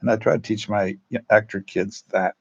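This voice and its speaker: A drama teacher tells his stories in a gravelly, husky voice. He halts and restarts, then acts out quotes in changed voices. The recording sounds dull and lo-fi. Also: fairly low pitch, fairly even intonation, normal speed. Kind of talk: storytelling, casual talk.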